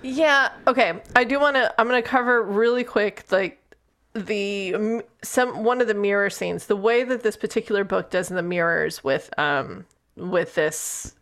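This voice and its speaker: A woman's voice: mid-range voice, moderate pace, a bit bright. A woman co-hosting a podcast, chatting casually about a book and laughing often as she acts out characters' lines. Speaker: podcast co-host.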